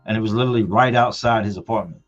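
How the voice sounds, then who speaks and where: A man's voice: lowish voice, very fast. A middle-aged man telling a story from his family on a live stream, emphatic and repeating words for effect. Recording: dull lo-fi sound with faint music.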